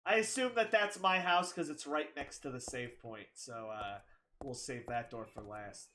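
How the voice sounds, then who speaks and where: A woman's voice: extremely low pitch, normal speed, a bit bright, slight background noise. A woman streamer giving casual, jokey and sarcastic commentary while playing a game. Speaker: gaming streamer. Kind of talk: casual let's play commentary.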